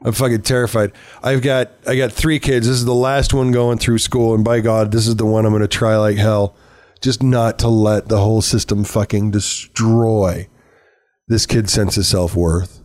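A man's voice: lowish voice, little pitch movement, moderate pace, darkish tone. A middle-aged man and parent telling a story in casual conversation, candid and self-mocking, swearing and laughing often.

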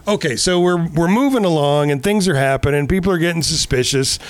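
A man's voice: on the high side, animated, a little fast, dry recording. A man in casual chat recapping a movie in a rambling, sarcastic way, swearing often. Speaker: podcast co-host.

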